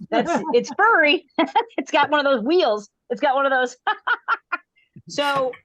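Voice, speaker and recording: A woman's voice: high-pitched, unhurried, fairly bright tone. A woman comedian telling a rambling story over a video call, breaking off mid-sentence and laughing at her own jokes. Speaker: stand-up comedian.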